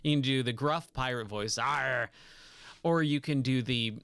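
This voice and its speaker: A man's voice: medium pitch, normal speed, fairly bright tone, clear, resonant tone, no room sound. A man streaming a video game late at night, chatting casually and enthusiastically about the game and laughing often. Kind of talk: casual gameplay commentary.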